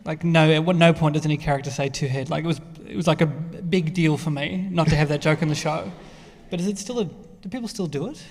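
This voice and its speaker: A man with an Australian accent, a comedian on a discussion panel, telling halting, self-deprecating anecdotes. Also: on the high side. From Tasmania. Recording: reverberant hall.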